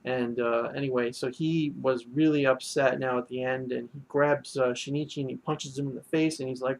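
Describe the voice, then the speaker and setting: A man's voice: medium pitch, flat delivery, moderate pace, few pauses. A man casually reviewing an anime episode, rambling with many fillers and restarts.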